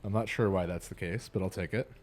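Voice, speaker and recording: A man's voice: low-pitched, steady tone, fast talker, darkish tone, a little hiss or hum. A man hosting a let's play, chatting casually and laughing often with self-deprecating asides. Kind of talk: casual gameplay commentary.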